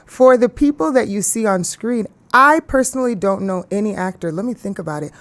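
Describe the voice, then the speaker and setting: An earnest, animated woman from Ghana speaks in a casual interview. Her voice sits mid-pitch, and the sound is dry and close to the mic. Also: fairly quick, no room sound. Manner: earnest, animated, laughs easily. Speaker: actress, interview guest.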